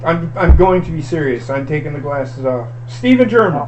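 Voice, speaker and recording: A man's voice: on the high side, animated, moderate pace, a little mellow, slight background noise, low-quality recording. A man hosting a casual online show, blunt and profane, half joking. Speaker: show host. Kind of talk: casual chat.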